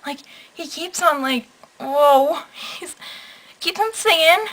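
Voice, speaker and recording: A woman's voice: sits high, animated, slow pace, a bit bright, slight background noise, poor audio. A young woman talking into her camera at home at night, gushing and emotional, rambling with lots of "like"s. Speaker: vlogger. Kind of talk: late-night vlog rant.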